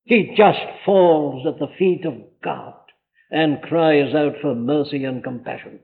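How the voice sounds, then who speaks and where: An impassioned man preaches a sermon, driving his point home with one rhetorical question after another. His voice sits fairly high and carries through a chapel with a long, ringing reverb. The old archive recording is thin and narrow, almost like a phone line. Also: takes it slowly, creaky.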